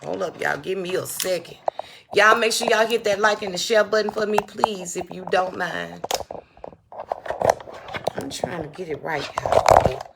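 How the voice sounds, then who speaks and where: A woman with a fairly low, gravelly voice speaks a little slowly over heavy noise. She hosts a casual livestream from a phone or small setup on a stand, talking directly to viewers, greeting chatters by name, and repeating key phrases for emphasis.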